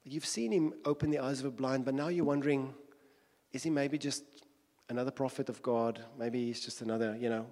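A man's voice: mid-range voice, fairly even intonation, brisk, a little mellow, in a large hall. A man preaching a sermon in an earnest tone, repeating his phrases and building with rhetorical questions.

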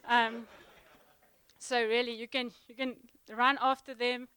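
Chatty woman preaching, bright and crisp. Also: a little high, flat delivery. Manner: chatty, halting with many ums and restarts. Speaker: guest preacher. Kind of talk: sermon opening, casual warm address. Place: church.

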